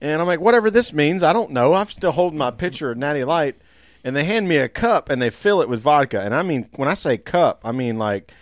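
A man's voice: on the high side, animated, brisk, dry recording, clean studio sound. A man in his thirties co-hosting a podcast, telling a long story in a rambling, laughing casual chat. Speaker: podcast co-host.

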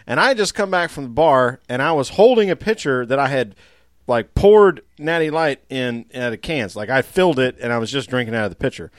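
A man's voice: mid-range voice, animated, brisk, no room sound, clean studio sound. A man in his thirties co-hosting a podcast, telling a long story in a rambling, laughing casual chat. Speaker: podcast co-host.

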